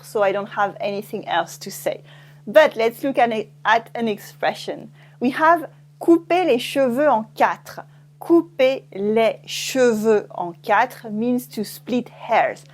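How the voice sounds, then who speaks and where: A woman with a French accent teaching pronunciation in a language lesson, saying words slowly and repeating them with care. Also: on the high side. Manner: slow, careful pronunciation drills, repeating each word.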